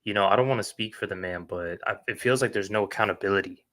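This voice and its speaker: Male reaction host with a lowish voice, casual and blunt, full of fillers. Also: quick pace, a bit bright. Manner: blunt, chatty, frequent fillers.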